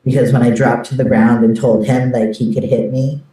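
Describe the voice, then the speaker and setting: A man giving an earnest, halting personal account as an interviewee, often restarting his sentences. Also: medium pitch, flat delivery, warm tone. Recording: very echoey room, distant from the mic.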